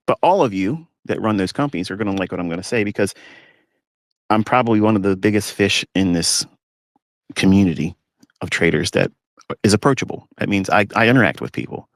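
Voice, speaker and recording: A trading mentor rants bluntly in a live audio talk from a parked pickup, his low-side voice brisk. The recording is dry and clean, studio-like. He ridicules rivals using put-on whiny voices.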